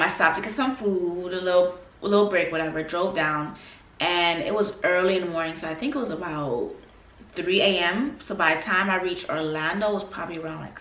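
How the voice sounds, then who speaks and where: A woman from Florida telling a story in a casual sit-down vlog, animated, emphatic and slangy. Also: on the low side. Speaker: vlogger. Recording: roomy, mic a bit far.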